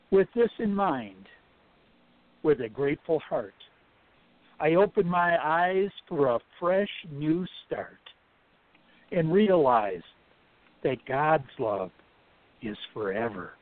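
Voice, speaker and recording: A man's voice: mid-range voice, no echo. Man reading a poem over the phone. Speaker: caller reading poetry. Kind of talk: slow poetry reading. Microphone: phone call. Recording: tinny phone line.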